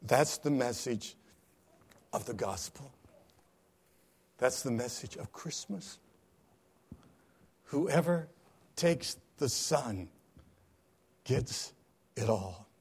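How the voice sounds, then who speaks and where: A male pastor telling a story in a sermon, dramatic, swinging from hushed tones to loud cries. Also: mid-range voice, animated, extremely slow, long pauses, breathy edge.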